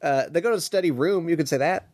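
A man co-hosting a podcast, chatting casually and retelling scenes from a TV episode in a relaxed, deliberate way. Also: a little high. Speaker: podcast co-host. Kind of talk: casual chat recapping a TV episode.

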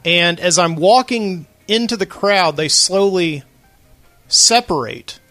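A man's voice: high voice, slow pace, bright, forceful tone, dry recording, faint music behind. A man hosting a late-night solo podcast from a studio, telling a long rambling story with lots of fillers. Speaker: podcast host.

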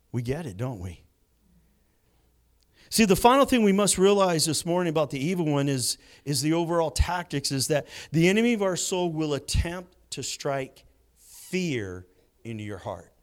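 A man preaching a sermon, swinging between hushed moments and loud bursts. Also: a little high. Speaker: pastor.

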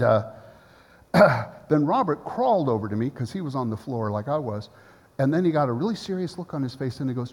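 Husky-voiced male pastor in a reverberant hall. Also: medium pitch. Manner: storytelling, drops to a soft hushed prayer. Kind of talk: sermon.

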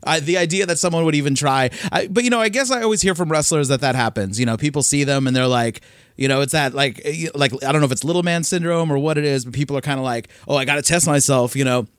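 A man's voice: a little high, fast talker, smooth, dry recording, clean studio sound. A man hosting a podcast interview, chatting casually. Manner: casual, chatty, laughs along. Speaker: podcast host.

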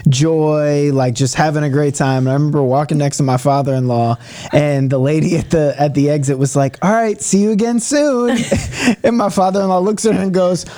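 Guy with a higher voice, dry jokey podcast banter. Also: steady tone, a little fast, dark tone. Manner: dry, joking storyteller. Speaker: podcast co-host. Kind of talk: casual chat.

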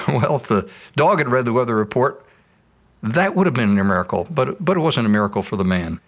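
A man's voice: medium pitch, animated, a little fast. Patient man explaining with a fable. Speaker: apologist answering questions. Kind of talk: scripted dialogue.

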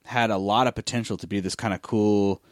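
Lower-voiced man ranting about comics. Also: brisk, no echo, studio quality. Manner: animated, critical, lots of fillers and restarts. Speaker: podcast co-host. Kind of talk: casual chat, comic book review.

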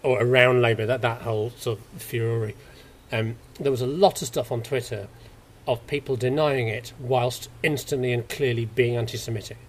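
A man's voice: mid-range voice, fairly even intonation, normal speed. A man hosting a casual chat, explaining ideas plainly and swearing now and then. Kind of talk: casual conversation.

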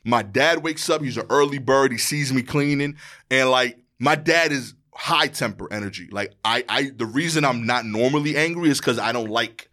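A young man tells a story as a podcast guest. He talks in quick, slangy runs and keeps the delivery animated. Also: medium pitch. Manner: animated, slangy, fast-running anecdote. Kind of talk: casual storytelling.

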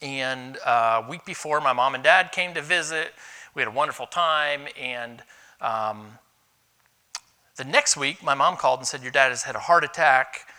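A middle-aged man preaching a sermon as pastor, telling candid personal stories in an animated way. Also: medium pitch, normal speed, smooth.

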